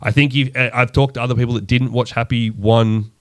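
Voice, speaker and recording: A man's voice: mid-range voice, steady tone, dry recording, studio quality. A man co-hosting a podcast, rattling through film details in a rambling, restarting way. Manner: fast, rambling recounting with restarts. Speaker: podcast co-host. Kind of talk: casual chat.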